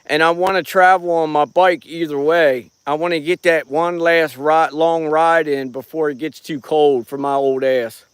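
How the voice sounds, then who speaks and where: A man's voice: on the high side, fairly even intonation, moderate pace, few pauses, clean tone, dry recording. Rambling, folksy middle-aged man. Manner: rambling and folksy, greeting viewers by name. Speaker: live-streaming paranormal watcher. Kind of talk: casual live stream chat. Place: outdoors on a rural property at night. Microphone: handheld phone.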